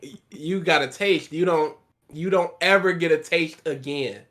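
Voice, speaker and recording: A man's voice: fairly high pitch, moderate pace, fairly bright tone. A man co-hosting a casual podcast chat, teasing his friend with jokes. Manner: teasing, joking banter. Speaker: podcast co-host.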